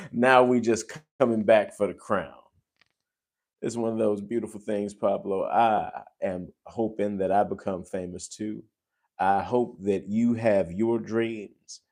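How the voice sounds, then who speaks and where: A man hosting a relaxed livestream, with a voice that sits a little on the low side. He gushes at his viewers and keeps breaking into sudden loud exclamations. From United States. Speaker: host. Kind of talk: casual livestream chat.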